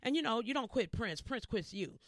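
A woman's voice: fairly high pitch, brisk, dry recording. A woman in her fifties from Inglewood, California, a hairstylist telling stories from her career as an interview guest. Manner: animated storyteller acting out quoted voices. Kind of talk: storytelling interview.

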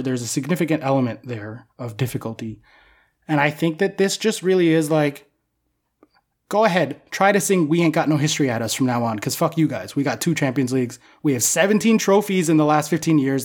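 Young male co-host, slightly high, loose and excitable, swears in casual chat. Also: fairly quick. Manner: excited, swears freely, rambling fan talk. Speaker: podcast co-host.

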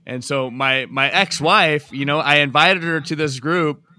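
A man's voice: fairly high pitch, measured pace, sharp tone, dry recording, clean studio sound. A man co-hosting a podcast, rambling and profane and often restarting his sentences. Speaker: podcast co-host. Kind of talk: crude casual podcast banter.

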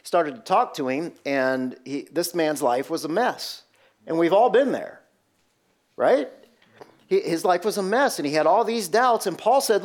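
A man's voice: fairly high pitch, expressive, measured pace. A man preaching a sermon, telling stories and asking the congregation rhetorical questions. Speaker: pastor.

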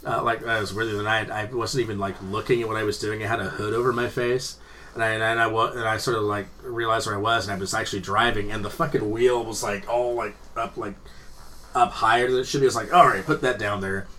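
A man's voice: fairly low pitch, level tone, fast, sharp tone. A man in casual chat, telling rambling, profane stories with frequent laughter.

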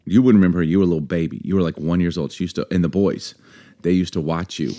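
A man co-hosting a casual podcast chat, telling animated stories and acting out the people he quotes. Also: low voice, quick pace. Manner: animated storytelling, acts out quoted voices. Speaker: podcast co-host.

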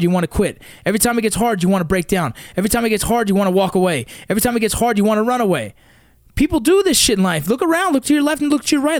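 A man's voice: very high-pitched, no room sound, clean studio sound. A man in his thirties from the San Fernando Valley, a father giving a blunt, intense, profane motivational rant that hammers points home through repetition. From San Fernando Valley, California. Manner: blunt and intense, heavy swearing, repeats for emphasis. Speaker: father of young athletes.

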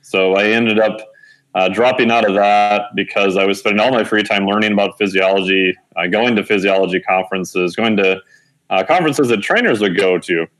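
A man in his forties with a slightly low voice tells a personal story in a loose, chatty way. He fills pauses with "uh" and "you know" and often corrects himself mid-sentence. When he quotes other people, his pitch leaps up as he acts out their lines. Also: poor audio. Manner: animated storyteller who acts out quoted dialogue with lively pitch jumps; conversational, with frequent fillers and self-corrections. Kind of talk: storytelling in an interview.

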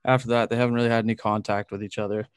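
A man's voice: fairly low pitch, little pitch movement, very fast, clean tone, dry recording. A young man, telling a long story in casual chat, rambling with lots of "like" and frequent laughs. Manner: rambling, fills speech with "like", laughs often. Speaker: podcast co-host telling a story.

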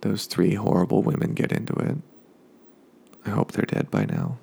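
A man telling a casual spoken anecdote, rambling along with digressive asides and dark jokes. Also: deep voice, wildly swooping pitch, moderate pace, vocal fry, husky. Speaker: storyteller.

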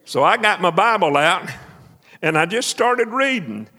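A man preaching a sermon as a folksy, animated story, shouting praise and laughing along the way. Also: high-pitched, measured pace. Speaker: preacher and minister of missions. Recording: echoey hall.

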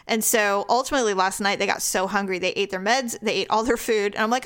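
A middle-aged woman co-hosting a podcast, telling stories in a blunt, animated way and swearing freely. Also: medium pitch, brisk, hardly any pauses, clear, resonant tone. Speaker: podcast co-host. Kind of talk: casual chat.

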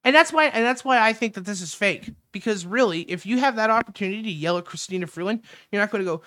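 A man's voice: sits high, expressive, quick pace, bright, forceful tone, no echo. A man hosting his own show, ranting in a crude, sarcastic, rambling way into a studio mic. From Canada. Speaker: podcast host. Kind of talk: casual solo rant. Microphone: studio mic with windscreen.

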